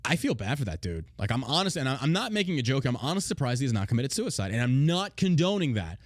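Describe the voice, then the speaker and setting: A man hosting a podcast, talking in a blunt, heavily profane casual rant with loud, mocking outbursts. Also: mid-range voice, sing-song, fast talker, no room sound, studio quality. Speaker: podcast host.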